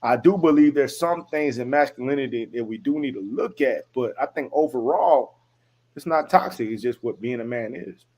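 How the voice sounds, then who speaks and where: A man's voice: mid-range voice, normal speed, darkish tone. A man talking on a casual panel, thinking aloud with lots of "you know what I mean.". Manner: conversational, many fillers, asks the others. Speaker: panel guest.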